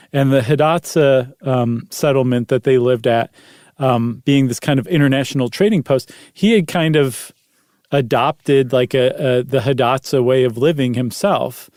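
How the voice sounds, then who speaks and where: A man's voice: mid-range voice, unhurried, darkish tone, dry recording. A man co-hosting a podcast in casual chat, easygoing with dry teasing and frequent ums. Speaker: podcast co-host.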